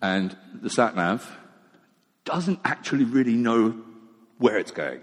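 A man's voice: mid-range voice, animated, takes it slowly. A middle-aged man, preaching a sermon in a chatty, self-mocking storytelling way. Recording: long echo of a large hall.

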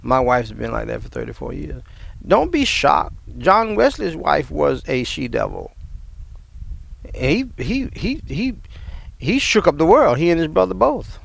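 A man's voice: fairly high pitch, animated, a little slow, vocal fry. A man in his fifties preaching a sermon, rambling and restarting his words. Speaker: pastor.

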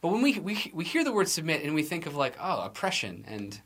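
A male pastor giving a sermon in a loose, conversational way, stumbling over restarts and laughing lightly at himself. His voice is bright and forward, and his pitch swings widely as he speaks. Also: wildly swooping pitch, fairly quick, slightly rough.

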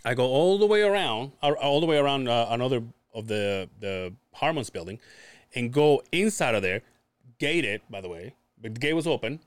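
A man's voice: medium pitch, animated, normal speed, dry recording. Rambling, cursing man with a dry sound. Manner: rambling, profane, self-interrupting storyteller. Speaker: podcast co-host. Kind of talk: casual storytelling chat.

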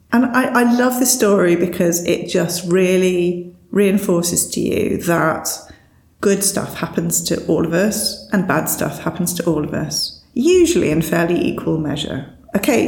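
A woman with a low, gravelly voice talks things over in a relaxed, thoughtful way, laughing easily between ideas. She recounts a story with animated quoted voices. The sound carries a noticeable room echo. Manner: thoughtful, laughs often, retells stories with lively quoted voices. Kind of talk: casual reflective chat.

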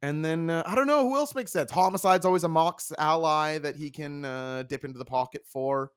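A man's voice: on the high side, brisk, clean tone, no echo. Male podcast host, chatty, joking, dry mic. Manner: talkative, joking, plugs the channel. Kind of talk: casual review chat.

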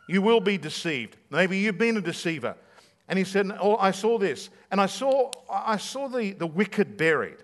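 A man preaching to his congregation, chatty and direct, firing off rhetorical questions. His voice sits a little higher than most men's. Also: fairly bright tone. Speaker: pastor. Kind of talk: sermon.

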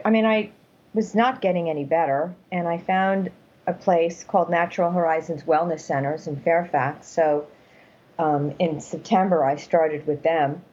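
An older woman with a lowish, darkish voice speaks as an interview guest from home over a call. Earnest and emphatic, she tells her story in casual interview talk, and the audio is dull.

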